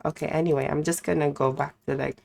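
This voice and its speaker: A woman's voice: low voice, steady tone, quick pace, gravelly, darkish tone. A young woman streaming a game, chatting casually, rambling and swearing and then apologizing. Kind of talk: casual live-stream chat while gaming.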